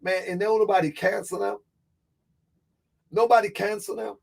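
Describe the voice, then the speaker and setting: A man's voice: high-pitched, level tone, normal speed, creaky, darkish tone. A man hosting a casual livestream, talking in loose slang, laughing often and repeating a catchphrase. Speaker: livestream host. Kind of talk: casual live-stream chat.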